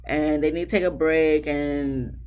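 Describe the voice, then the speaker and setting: Woman reviewer, lowish voice, chatty and slangy, talks straight to camera. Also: steady tone, a little slow, a little mellow, clean tone. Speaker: TV show reviewer. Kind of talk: casual episode recap.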